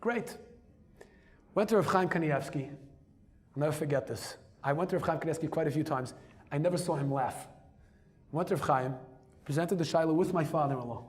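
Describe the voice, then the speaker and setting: A man telling a personal story as a rabbi, lively and emphatic, dropping Hebrew and Yiddish terms into his English. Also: a little high, normal speed, pauses often. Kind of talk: storytelling talk.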